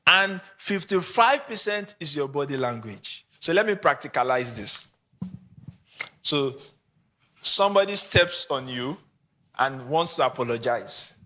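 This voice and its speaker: High, bright-voiced Nigerian man speaking. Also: measured pace. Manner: animated, acts out short quoted examples. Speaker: conference speaker. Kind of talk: conference talk to photographers.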